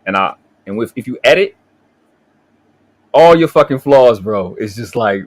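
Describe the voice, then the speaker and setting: Here the Baltimore livestreamer, a man in his forties with the city's accent, is a little slow, his mid-range voice expressive. He stays casual, profane, boastful and confrontational throughout his rant.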